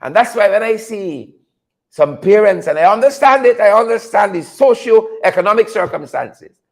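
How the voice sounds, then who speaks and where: A man's voice: high-pitched, lively intonation, moderate pace. A Guyanese man hosting a commentary show, preaching and exclaiming with heavy repetition for emphasis. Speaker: show host. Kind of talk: impassioned commentary.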